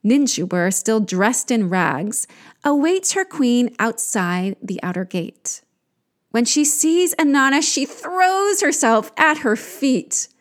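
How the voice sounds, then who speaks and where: A woman narrating an ancient myth in a deliberate, scripted reading. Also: fairly high pitch, big pitch swings. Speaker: storyteller.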